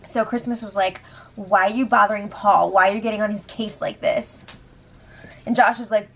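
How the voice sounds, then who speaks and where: A young woman hosting a casual recap show, animated and giggly, with sarcastic asides. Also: medium pitch, moderate pace, gravelly. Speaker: show update host.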